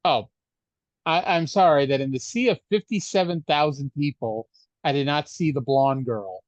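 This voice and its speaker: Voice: mid-range voice, moderate pace, dry recording. A podcast co-host in casual chat, speaking dryly and hesitantly with many fillers. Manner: dry, hesitant, lots of fillers.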